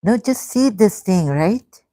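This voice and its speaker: A woman in her fifties hosting a casual livestream, halting and hesitant, full of restarts and effusive thanks. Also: medium pitch, expressive, mellow, no room sound. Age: 50s. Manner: emotional, effusively grateful. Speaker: livestream host. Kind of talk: casual livestream chat reading comments.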